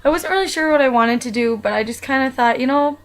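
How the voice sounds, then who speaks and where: Young woman, slightly high pitch, rambling and chatty personal vlog monologue full of fillers. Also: quick pace, low-quality recording. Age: young adult. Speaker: vlogger.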